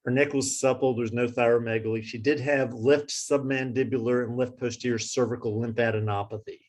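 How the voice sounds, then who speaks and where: Man briskly reading exam findings. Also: mid-range voice, steady tone, darkish tone. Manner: brisk, matter-of-fact listing of exam findings. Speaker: case presenter. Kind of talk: reading a clinical case aloud.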